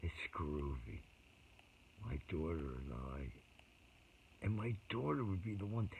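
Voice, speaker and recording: Older man, gravelly and emotional. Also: low-pitched, very animated, slow, pauses often, darkish tone. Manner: emotional, trails off mid-sentence, drops to whispers. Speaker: performer. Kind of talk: rambling personal storytelling monologue. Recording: tinny phone-like audio with faint ambient hiss.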